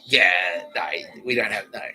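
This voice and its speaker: A man's voice: normal speed, bright, forceful tone, faint music behind, low-quality recording. An Australian man hosting a podcast, delivering a rambling comedic monologue full of swearing and giggles. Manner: profane, giggling, wildly swinging pitch. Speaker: podcast host.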